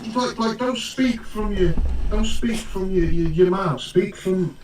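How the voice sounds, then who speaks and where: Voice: medium pitch, measured pace, recorded from a distance. A streamer coaxing a friend in casual banter, repeating himself and laughing. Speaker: streamer co-host. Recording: echoey room with loud noise.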